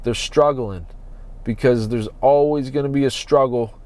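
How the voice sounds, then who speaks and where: A man hosting a solo podcast from inside his parked van, talking slowly and earnestly as he searches his soul. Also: mid-range voice, darkish tone. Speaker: podcast host.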